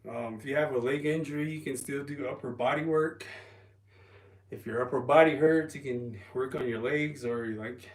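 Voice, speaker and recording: A man chatting casually on a livestream, rambling and halting with ums and restarts while resting an injured calf. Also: medium pitch. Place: home, lifting weights while streaming. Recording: roomy, from a distance.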